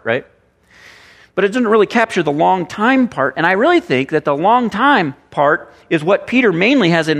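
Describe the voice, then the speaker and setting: Animated man preaching in a reverberant hall. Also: high voice. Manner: animated preaching with rhetorical questions and repetition. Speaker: pastor. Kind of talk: sermon.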